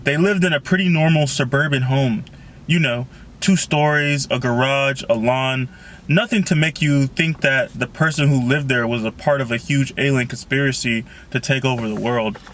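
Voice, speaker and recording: A man's voice: medium pitch, fairly even intonation, normal speed, fairly bright tone, a little hiss or hum, rough recording. A man reading a novel aloud in an unpolished, casual way, with the odd slip and restart. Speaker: reader.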